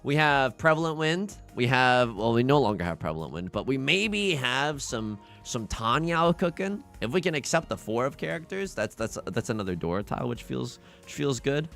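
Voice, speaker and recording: A man commentating his online mahjong game on a live stream, swinging from mutters to shouts and laughs. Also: mid-range voice, sing-song, normal speed, creaky, few pauses, faint music behind. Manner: wildly swinging, shouts and cries out, laughs often.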